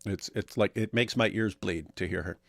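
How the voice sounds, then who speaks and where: A man's voice: on the low side, moderate pace, dry recording, clean studio sound. Joking man reading chat. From Australia. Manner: joking, animated, reads comments aloud in put-on voices. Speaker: co-host reading live chat. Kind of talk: casual livestream chat.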